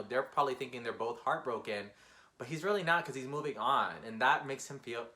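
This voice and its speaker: Man, music reaction host, casual, fast-talking, emotional, bright voice, mid pitch.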